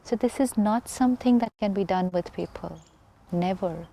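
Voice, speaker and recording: A woman's voice: medium pitch, moderate pace, gravelly, warm tone. A woman with an Indian English accent, a spiritual teacher explaining earnestly on a talk show, often repeating key phrases for emphasis.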